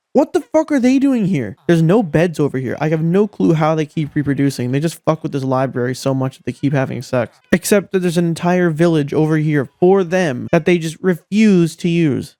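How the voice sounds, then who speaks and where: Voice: mid-range voice, mellow, dry recording, clean studio sound. A gameplay commentator talking casually, exasperated and swearing often, scolding game characters, with the voice leaping up when frustrated.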